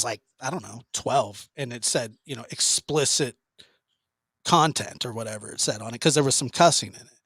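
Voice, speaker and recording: A man hosting a podcast in casual chat, an animated storyteller who acts out voices and laughs often. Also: mid-range voice, no echo, clean studio sound. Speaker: podcast host.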